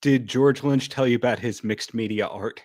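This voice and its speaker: A man's voice: medium pitch, normal speed, a little mellow, no echo. A man in casual podcast chat, wry and frank as he gives advice. His voice sits in a middle range, and the recording is dry and close with no room sound. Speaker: podcast guest, interviewer.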